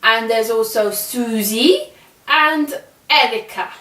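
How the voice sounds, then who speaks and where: A woman's voice: on the high side, slow, a bit bright, recorded from a distance. A woman playing a vain, muddled woman who is convinced she is a French queen, talking in a haughty, rambling, sing-song way in an improvised comedy interview. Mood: boastful. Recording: echoey room, off-mic.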